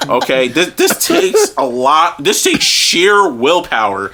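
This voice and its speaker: Animated, swearing young man telling stories. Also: a little high, takes it slowly. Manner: profane, exasperated, animated, laughing while telling stories. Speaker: podcast co-host. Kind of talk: casual storytelling chat.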